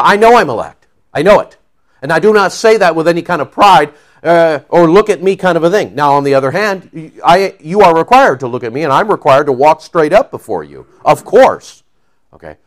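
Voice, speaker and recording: A man preaching a sermon in an emphatic, conversational way, often checking in with his listeners with "okay?" and "see?". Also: on the high side.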